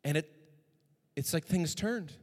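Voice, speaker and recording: Male pastor, sermon, high voice, hushed to urgent, long hall reverb. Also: a little slow. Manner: swings from hushed intimate tones to raised urgent preaching.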